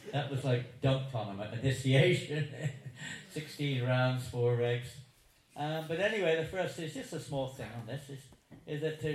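A man in his seventies telling stories to a live audience in a chatty, chuckling, digressive way. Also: mid-range voice. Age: 70s. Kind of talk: anecdotal talk to a live audience. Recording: roomy hall echo, faint noise.

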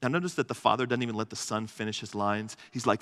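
A man's voice: fairly low pitch, fast talker, hardly any pauses, fairly bright tone. A man pastor giving a sermon, earnest and emphatic, building lists of phrases to a peak. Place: church hall. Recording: long reverb of a large hall.

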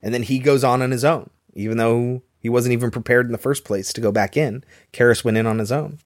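A man's voice: mid-range voice, fairly even intonation, brisk, no echo, studio quality. A man casually retelling a film scene by scene, with loose fillers along the way. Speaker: podcast host recapping a film.

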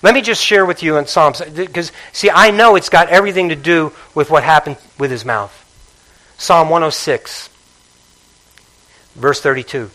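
A man preaching a sermon with passion, dropping to a hush and then rising to call out to the congregation. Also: on the high side, normal speed, rough recording. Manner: passionate, swings between hushed and loud, calls out to congregation.

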